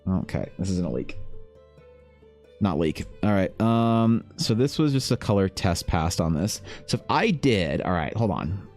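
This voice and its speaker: A man's voice: deep voice, very animated, measured pace, darkish tone, soft background music. A man from Canada, an artist streamer, chatting casually and profanely while drawing and reading chat aloud.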